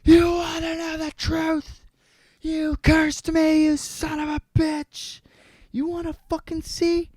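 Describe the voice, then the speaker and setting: A man voicing a vain, cruel young man who curses through shouted rants and low gloating hisses. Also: very animated, takes it slowly, vocal fry, husky, no echo, full character voice. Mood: raging.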